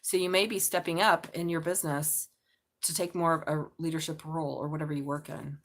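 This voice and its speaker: A woman reads tarot cards on a live stream from her bed. Her voice sits fairly low but leaps upward whenever she gets excited. She thinks out loud, with many sudden exclamations. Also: fairly quick. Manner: animated, exclaiming, thinking aloud. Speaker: tarot reader. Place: bedroom.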